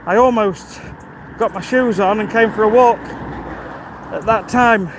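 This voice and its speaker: Man in his fifties, from the UK, casual live-stream chat, slightly breathless, walking outdoors, clear outdoor noise behind. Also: sits high, takes it slowly. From United Kingdom. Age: 50s. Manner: chatty, reads out viewer comments, greets viewers by name. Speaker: livestream host. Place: outdoors on a rural walk. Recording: outdoor ambience with audible wind and noise.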